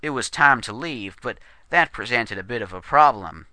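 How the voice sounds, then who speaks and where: A man narrating a western horror story in a steady, descriptive storytelling manner. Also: fairly low pitch, moderate pace, hardly any pauses, clear, resonant tone, dry recording.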